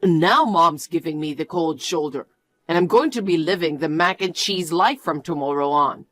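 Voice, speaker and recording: A woman's voice: low-pitched, moderate pace, fairly bright tone, no room sound. A woman voicing a defensive, bossy young man who has lost his job, in a story told through acted dialogue. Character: irritable young adult man, a jobless fiancé.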